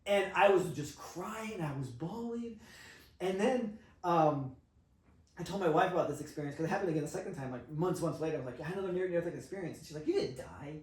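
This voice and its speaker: Talking a little fast, a fairly high-voiced man swears freely while telling a long personal story in casual, lively podcast chat. The mic is distant, so he sounds far off, with noticeable ringing from the roomy space.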